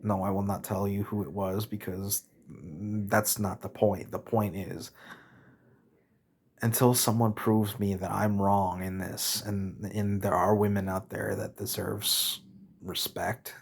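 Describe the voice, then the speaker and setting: A man with a low, husky voice rants to his camera, blunt and exasperated. He swears freely, stumbles, and stops to take back what he just said. His delivery is rambling and candid. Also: little pitch movement, measured pace. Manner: frustrated, blunt, swearing, rambling with self-corrections. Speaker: vlogger.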